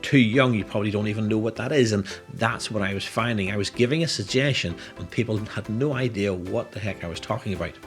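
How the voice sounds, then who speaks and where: A man's voice: fairly low pitch, fast talker, few pauses, faint music behind. A middle-aged man, a hypnotist, talking through a tutorial in a casual, explanatory way. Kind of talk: tutorial commentary.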